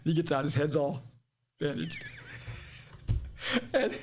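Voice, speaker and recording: A middle-aged man from Ohio with a high-pitched voice tells stories in a casual, animated way. He laughs easily and slips into other people's voices for the quotes. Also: slow, slight background noise. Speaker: podcast guest. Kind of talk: casual storytelling.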